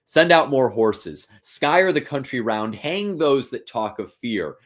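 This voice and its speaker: A man reading the part of a desperate, embattled king aloud, slow and deliberate, with rising urgency. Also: mid-range voice, big pitch swings, voice pushed up. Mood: urgent. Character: desperate tyrant king, male, middle-aged.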